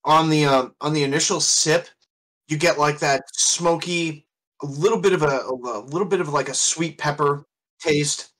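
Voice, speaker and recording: A man co-hosting a casual beer podcast, laid-back, swearing freely and pausing with fillers. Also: a little high, fairly bright tone. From Ohio. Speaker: podcast co-host. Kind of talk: casual beer review chat.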